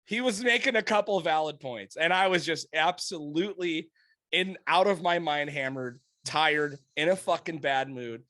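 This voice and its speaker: A man's voice: a little high, normal speed, no room sound. A middle-aged man co-hosting a podcast, telling a story in casual, profane chat and laughing often. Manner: profane, animated storyteller who laughs a lot. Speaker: podcast co-host.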